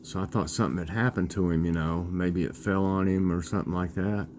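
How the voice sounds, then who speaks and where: A man in his sixties chatting casually in a vlog, rambling and halting with lots of fillers as he tells a childhood story and talks about dinner. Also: low-pitched, steady tone, darkish tone, slight background noise. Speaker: vlogger.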